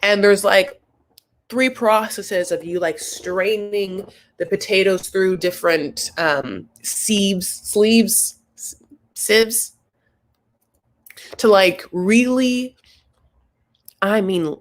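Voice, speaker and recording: A chatty woman recapping a reality show in a casual, gossipy way. She talks straight to her viewers, animated and full of asides and "honey"s. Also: mid-range voice, slow.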